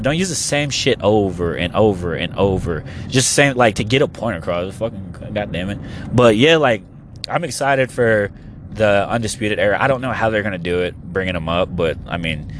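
A man from Oklahoma hosting his own podcast, ranting casually and profanely, dropping to a mumble and then rising to near shouts. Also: sits low, slight background noise. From Oklahoma, USA. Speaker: podcast host. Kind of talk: casual solo podcast rant.

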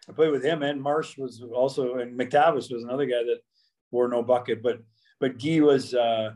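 A man in his fifties reminisces as an interview guest, drifting through long stories with many restarts and fillers. His voice sits in a middle register with very little rise and fall, almost monotone. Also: medium pitch, moderate pace, low-quality recording. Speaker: guest, former pro hockey player. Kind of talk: casual interview.

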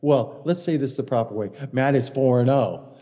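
A man's voice: mid-range voice, moderate pace, dark tone, long reverb tail. A man, a caddie and podcast co-host, chatting casually and telling stories in a rambling, self-correcting way. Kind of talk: casual chat.

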